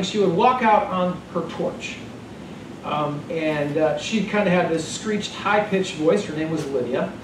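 A male pastor giving a sermon, telling a story in an animated way, recorded from a distance in an echoey church hall with noise behind. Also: a little high, unhurried. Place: church sanctuary.

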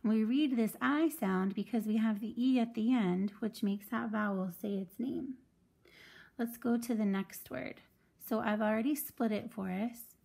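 A woman's voice: on the high side, a little slow, creaky, a little mellow, breathy edge. A woman teaching a phonics lesson to children, patiently sounding out words syllable by syllable.

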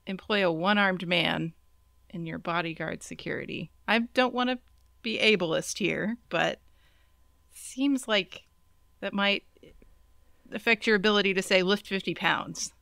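Bright gravelly woman chatting casually. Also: medium pitch, unhurried, long pauses, dry recording, clean studio sound. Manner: chatty, laughs often, trails off. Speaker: podcast co-host. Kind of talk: casual chat.

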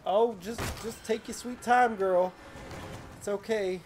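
A let's play commentator who yells, taunts enemies and swears a lot while playing. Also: mid-range voice, unhurried, background noise. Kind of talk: gameplay commentary.

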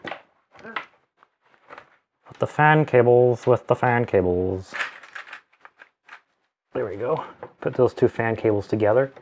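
A man walks through a hands-on build at home, talking plainly as he works. His voice sits at an ordinary middle pitch, and the tone stays casual and instructive. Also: slow pace, long pauses, a little mellow, slight background noise. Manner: explains steps plainly while working. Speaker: channel host building a PC.

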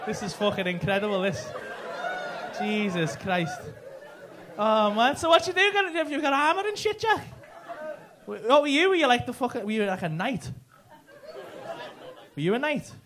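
A man's voice: very high-pitched, expressive, moderate pace, long pauses. A man doing stand-up crowd work in a comedy club, teasing audience members with lots of swearing. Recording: live club with loud audience noise.

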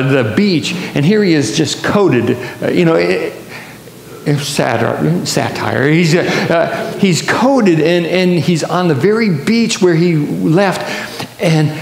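A man's voice: on the high side, creaky, a little hiss or hum. Man preaching in an echoey church. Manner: storytelling with frequent restarts and repeated words. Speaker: pastor. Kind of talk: sermon. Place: large church sanctuary.

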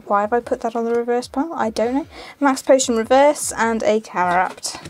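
A woman's voice: a little high, a little fast, slight background noise. A young woman hosting a card-opening video, chatty and giggly, repeating herself as she reads out each card. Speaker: channel host opening card packs. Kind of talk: casual chat while opening booster packs. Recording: faint music behind.

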